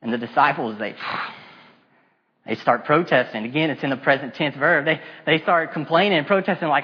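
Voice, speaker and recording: A man's voice: fairly high pitch, brisk, breathy edge, highs cut off. A man preaching a sermon, retelling a Bible story with casual asides and acting out the voices of the people in it. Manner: animated storytelling, acting out the disciples' complaints; casual modern asides and repetition.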